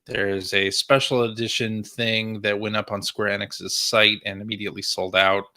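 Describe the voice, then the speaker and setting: A man co-hosting a podcast in casual chat, relaxed and laughing as he talks. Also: lowish voice, moderate pace. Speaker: podcast co-host.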